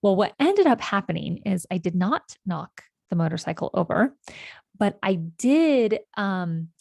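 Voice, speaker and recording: A woman in her forties, originally from California, hosts a podcast and recalls childhood memories. She wanders through her stories, pausing to correct herself gently. Her voice sits at an everyday middle pitch and is recorded dry and close, with almost no room sound. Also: big pitch swings, creaky, dry recording. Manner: meandering, reflective, gentle self-corrections. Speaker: podcast host. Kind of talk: reflective personal storytelling.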